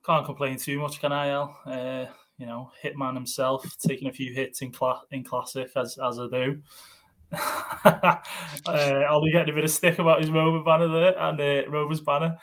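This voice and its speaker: A man co-hosting a fantasy football podcast, relaxed and self-mocking. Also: on the high side, normal speed. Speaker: podcast co-host. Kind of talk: casual fantasy football chat.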